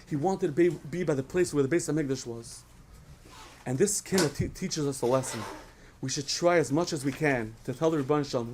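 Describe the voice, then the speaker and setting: A man's voice: mid-range voice, brisk, slight background noise. A man giving a storytelling lesson to children, asking them questions along the way. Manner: asks the audience questions, animated storytelling. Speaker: speaker at a children's program.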